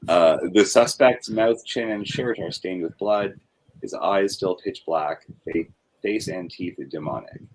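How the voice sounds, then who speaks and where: A man reading comic script panel descriptions aloud in a flat read-through, breaking off for offhand critiques. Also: low-pitched, measured pace, slight background noise.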